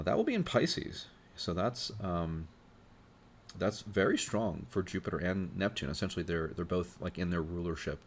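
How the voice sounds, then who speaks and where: A man with a very low, gravelly voice talks through charts in a loose, thinking-aloud way, full of fillers and restarts. A faint background hum sits under his voice. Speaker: astrologer host. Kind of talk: informal talk walking through charts.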